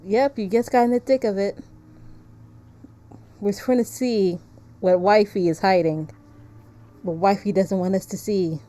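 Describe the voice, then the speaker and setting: A woman's voice: mid-range voice, a little slow, long pauses, mellow. A woman streaming a game, chatting casually and laughing often as she explains the story. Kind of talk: casual gameplay commentary.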